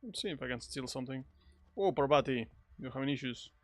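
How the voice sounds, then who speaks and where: A man streaming a video game, rambling and joking as he reacts out loud. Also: mid-range voice, expressive, quick pace, no room sound. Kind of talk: casual gameplay commentary.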